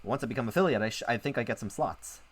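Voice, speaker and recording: A fast-talking man with a husky, mid-range voice streams as a VTuber. As he plays and reads a visual novel, he keeps up casual chat with viewers, rambling and regularly interrupting himself.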